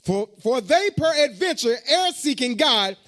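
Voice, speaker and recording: A man reading scripture aloud in a class, halting and repeating words as he goes. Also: very high-pitched, sing-song, a bit bright. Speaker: scripture reader.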